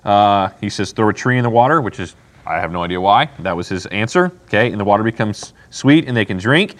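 A man's voice: on the low side, a little fast, fairly bright tone. A man leading a Bible study, talking casually and often checking in with "okay?" as he acts out what people would say. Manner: conversational, acts out people's lines. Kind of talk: casual teaching.

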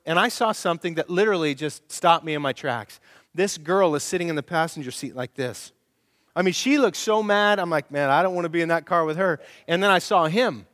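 A middle-aged male pastor preaching a sermon, animated and storytelling, acting out quoted voices. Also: high voice, in a large hall.

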